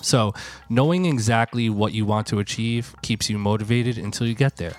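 A man's voice: on the low side, moderate pace. A man co-hosting a casual podcast chat, rambling loosely and reading aloud from a book. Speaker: podcast co-host.

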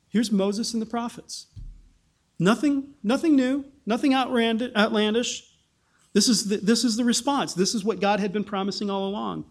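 A man preaching a sermon in an animated way, often restarting phrases and acting out the people he quotes. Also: high-pitched, moderate pace. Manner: animated, acts out quoted voices, frequent restarts.

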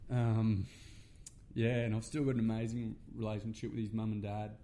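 A middle-aged Australian man who facilitates men's workshops tells a personal story, talking casually and earnestly with lots of fillers and swearing. His voice is on the low side, level, mellow, and at a normal speed.

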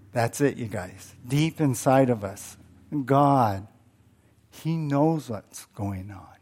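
A man's voice: medium pitch, slow, a little mellow. A male pastor preaching a sermon in a conversational way, often asking listeners questions and repeating words.

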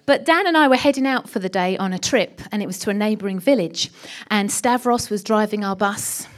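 A middle-aged woman with a mid-range voice preaches a sermon and tells a story at a fairly quick pace. Her delivery is animated, and she often drops to a hushed whisper for emphasis.

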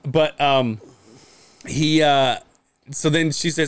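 A man's voice: medium pitch, normal speed, clean tone, dry recording. A man co-hosting a podcast, telling a story in casual chat, acting out the people in it and laughing and swearing along the way. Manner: animated storyteller, acts out quoted people, lots of swearing and laughing. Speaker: podcast co-host.

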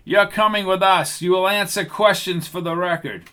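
A man's voice: high-pitched, moderate pace, bright, forceful tone, pitched above the performer's own voice. A man voicing a cocky, self-assured young male agent in an audiobook reading. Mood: threatening.

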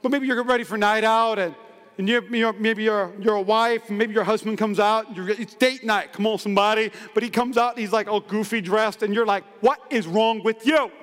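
A male pastor preaching a lively, humorous sermon in a church, acting out the quoted voices of everyday people. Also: high voice, brisk. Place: church sanctuary. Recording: long hall reverb in a church.

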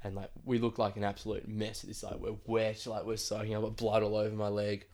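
Rambling low-voiced New man. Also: completely flat delivery, a little fast, darkish tone. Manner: rambling, many likes and fillers, acts out quoted lines. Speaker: podcast host telling a story. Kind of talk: casual storytelling chat.

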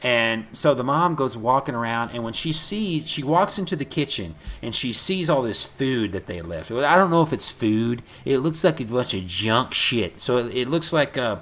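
A man's voice: mid-range voice, moderate pace, few pauses. A man casually recapping a movie with a co-host, swearing and acting out the characters' lines. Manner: profane, animated retelling with quoted voices. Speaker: podcast co-host.

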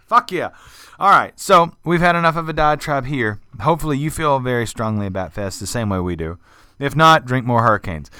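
A man hosting a casual podcast, telling a story in an animated, profane way. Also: medium pitch, fairly quick, smooth, no room sound. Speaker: podcast host. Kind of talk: casual chat.

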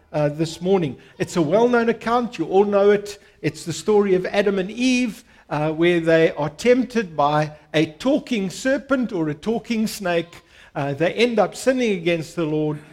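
A pastor preaching a sermon to his congregation, earnest and emphatic, repeating key phrases and inviting listeners to respond. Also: high voice.

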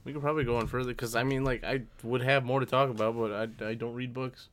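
A man's voice: medium pitch, fairly even intonation, fast, a bit bright. A man in his twenties co-hosting a casual podcast chat, loose and blunt with lots of "like". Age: 20s. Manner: loose and blunt, peppered with 'like'. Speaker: podcast co-host.

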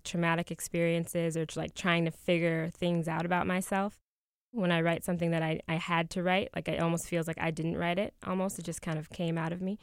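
A woman's voice: fairly low pitch, clear, resonant tone, dry recording, studio quality. A young woman from Chicago, a former youth poet, talking thoughtfully and casually. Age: young adult. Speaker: former youth poetry competitor. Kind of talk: reflective interview talk.

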